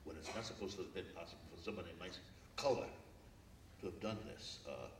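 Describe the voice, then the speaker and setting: Older man, low voice, reflective storyteller, echoey hall, heard from a distance. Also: quick pace, slight background noise. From Brooklyn. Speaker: guest speaker. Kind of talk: public forum talk. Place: lecture hall.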